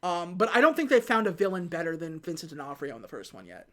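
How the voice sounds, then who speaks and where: A woman hosting a podcast, casually retelling a film plot and quickly acting out the characters' lines. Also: on the low side. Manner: animated retelling with quick put-on quotes. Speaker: podcast host. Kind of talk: casual movie recap chat.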